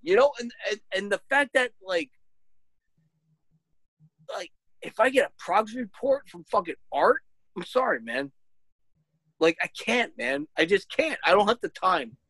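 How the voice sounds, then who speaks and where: High, gravelly, stammering man. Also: very animated, unhurried, pauses often, dry recording, low-quality recording. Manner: stammering, swearing, loud bursts of laughter. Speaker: podcast co-host. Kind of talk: casual chat.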